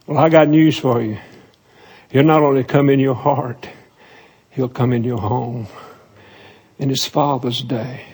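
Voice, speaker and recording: A preacher man delivers an earnest, pleading sermon and prayer. His voice is gravelly and a little husky. He sounds sincere and heartfelt. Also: mid-range voice, steady tone. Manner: earnest, pleading, drops to soft slow prayer. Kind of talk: sermon altar call and prayer.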